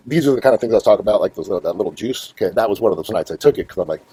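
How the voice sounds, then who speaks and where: A middle-aged man spins a rambling, swear-heavy story, his low voice swooping up and down as he gets worked up. The tone is dark and husky. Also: very fast, rough recording. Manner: profane, rambling, animated storyteller. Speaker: host. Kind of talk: casual storytelling monologue.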